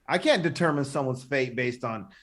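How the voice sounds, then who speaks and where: A man's voice: mid-range voice, animated, moderate pace. A man co-hosting a podcast in a laid-back, joking way, calling people bro and swearing casually. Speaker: podcast co-host. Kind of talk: casual profane chat.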